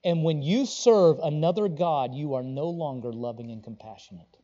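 A man preaching a sermon, rising to loud, pressing emphasis and then dropping to low, earnest tones. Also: moderate pace, big-room sound, muffled recording. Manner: swings between loud preaching and quiet, low earnest talk. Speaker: pastor.

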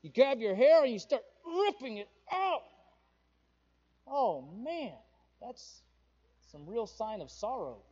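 A male pastor preaching a sermon with passion, his voice surging louder on the emphatic points. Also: very high voice, big pitch swings, takes it slowly, pauses often, lo-fi sound.

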